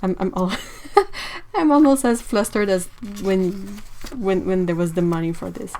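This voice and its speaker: A woman hosting a live-streamed art supply unboxing, excitable and chatty, talking to her viewers as she goes. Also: mid-range voice, measured pace, very noisy. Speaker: art channel host.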